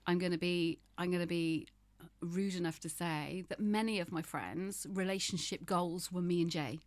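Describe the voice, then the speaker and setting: A woman's voice: on the low side, steady tone, normal speed, no room sound. A woman in her fifties, a podcast guest, talking frankly and often laughing as she moves between humor and grief. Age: 50s. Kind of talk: candid conversational interview.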